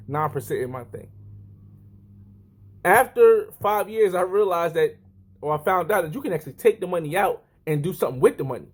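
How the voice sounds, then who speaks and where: A man in his thirties talking casually to the camera, rambling and often correcting himself. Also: fairly high pitch. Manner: rambling, self-correcting, lively. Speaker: vlogger.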